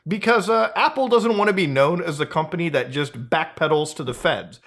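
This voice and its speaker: A man hosting a casual commentary video, blunt and sarcastic, swearing freely and jumping up in pitch for emphasis. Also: expressive, fairly quick, fairly bright tone. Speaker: host.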